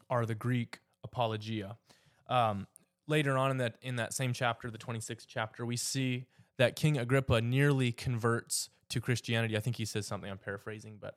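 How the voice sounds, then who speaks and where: Man, Canadian accent, teaching a group, casual, filler-heavy, mid-pitched voice. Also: steady tone. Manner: halting, with frequent fillers and repeated words. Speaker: teacher leading a church discussion. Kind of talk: informal teaching talk.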